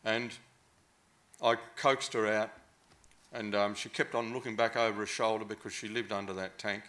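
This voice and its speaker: A man's voice: on the low side, fairly even intonation, normal speed, pushed and bright. An Australian man telling a long, casual anecdote, rambling and hesitant with many fillers.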